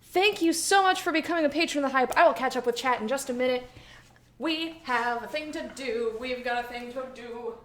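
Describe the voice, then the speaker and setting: Bubbly high-voiced woman streaming games. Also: brisk, a bit bright. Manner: playful and bubbly, slips into singsong. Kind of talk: casual live-stream chat.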